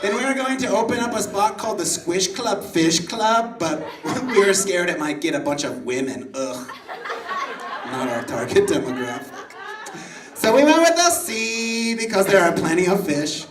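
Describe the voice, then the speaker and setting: Flamboyant male comic, high animated delivery, live pub room with audience. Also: normal speed, recorded from a distance, crowd noise. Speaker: comedian in a debate show. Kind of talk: comic debate in character as a flamboyant gay nightclub owner. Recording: roomy live recording from off-mic, audience noise.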